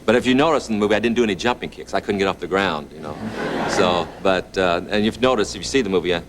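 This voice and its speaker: A man in his fifties, appearing as a talk show guest, tells a long anecdote in a low voice, speaking quickly and chuckling as he goes. He comes across as a relaxed raconteur, recorded in a TV studio with a faint hiss and audience noise.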